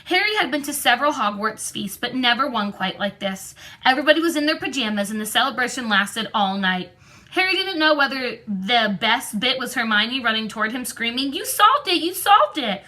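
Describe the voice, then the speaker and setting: A woman reading a storybook aloud in a clear, steady narrating voice. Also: on the high side, a little fast. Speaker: audiobook reader.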